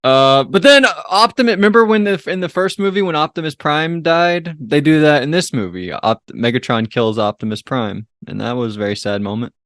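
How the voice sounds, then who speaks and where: A man in relaxed conversation on a film podcast, retelling movie scenes with an easy laugh. His pitch moves about freely, and the recording is dry and close to the mic. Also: a little fast, few pauses, no room sound. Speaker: podcast co-host. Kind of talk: casual film review chat.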